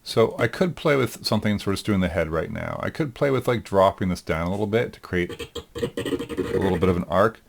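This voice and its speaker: A male instructor with a deep, low voice walks through a software demo in a recorded lecture. He thinks aloud in an easygoing way. He often pauses on "um" as he works. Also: creaky. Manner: thinks aloud, relaxed, with frequent ums. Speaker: animation instructor.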